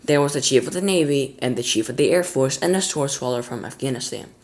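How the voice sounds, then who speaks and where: A man reading a children's book aloud as a storyteller, lively, with small slips and restarts. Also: mid-range voice, fast.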